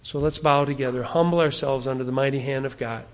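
A man's voice: medium pitch, fairly even intonation, in a large hall. A male pastor preaching a sermon in a church, earnest and conversational, acting out the arguments people raise. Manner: softens and slows into prayer at the close.

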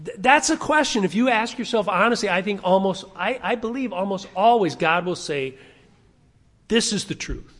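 A man's voice: sits high, animated, moderate pace, fairly bright tone. A man preaching a sermon as pastor, speaking emphatically and stacking rhetorical questions. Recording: long reverb of a large hall.

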